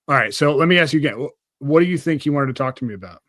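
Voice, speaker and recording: A man's voice: mid-range voice, lively intonation, very fast, a bit bright, no echo. A young man hosting a podcast, chatting casually, with a rambling, profane way of talking and lots of fillers. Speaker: podcast host. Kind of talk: casual chat.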